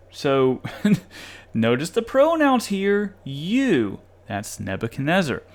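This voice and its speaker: Animated man hosting a commentary podcast. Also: a little high, takes it slowly. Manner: animated, sarcastic, laughs while criticizing. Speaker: podcast host reviewing a study article. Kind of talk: casual commentary with reading aloud.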